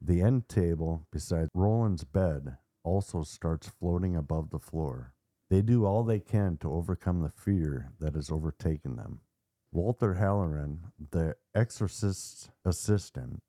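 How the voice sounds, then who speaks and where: A man hosting a podcast, narrating a dark story with theatrical suspense and casual asides. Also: deep voice, measured pace, no room sound, studio quality. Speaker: podcast host.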